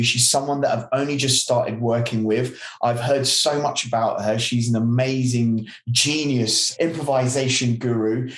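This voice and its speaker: Enthusiastic male podcast host, echoey room. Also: medium pitch. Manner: enthusiastic, heaps on praise. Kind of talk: podcast interview hosting.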